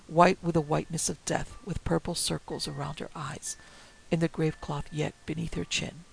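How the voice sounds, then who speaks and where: A man reading a ghost story aloud in a dramatic, hushed way that drops often into whispers. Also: on the high side, steady tone, moderate pace, gravelly, slight background noise, poor audio. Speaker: narrator.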